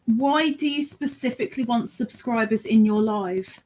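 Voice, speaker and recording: Higher-voiced teasing woman co-host. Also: moderate pace, a little mellow. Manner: teasing, prodding interviewer. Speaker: co-host prompting the host. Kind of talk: casual live-stream chat.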